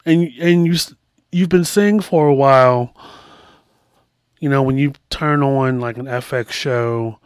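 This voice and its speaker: A man's voice: medium pitch, unhurried, clear, resonant tone, no room sound, clean studio sound. Chatty man hosting a podcast. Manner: chatty and rambling, full of asides. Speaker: podcast host. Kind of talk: casual commentary.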